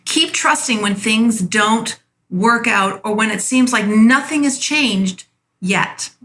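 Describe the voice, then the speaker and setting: A woman's voice: a little high, takes it slowly, a bit bright. A woman from a church sharing a short spoken devotional, earnest and storytelling, with small restarts.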